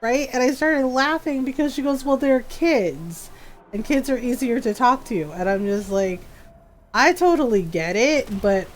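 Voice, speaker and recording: Middle-aged woman, game streamer, casual chat, laughs a lot, acts out quotes, slightly high voice. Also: a little slow, slight background noise. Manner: animated storytelling, laughs often, acts out quotes. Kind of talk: casual chat while gaming.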